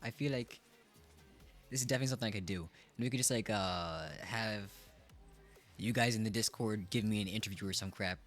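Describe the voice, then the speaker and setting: A man's voice: on the low side, a little fast, soft background music. Playful young man streamer, joking around. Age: 20s. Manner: playful, joking, self-mocking. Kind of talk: casual chat.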